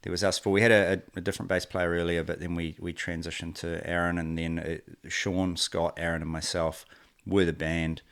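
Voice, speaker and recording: Low-voiced New Zealand man in his forties. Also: a little fast, hardly any pauses. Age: 40s. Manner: relaxed, rambling, acts out quoted dialogue. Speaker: guest, company co-founder. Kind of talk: casual interview storytelling.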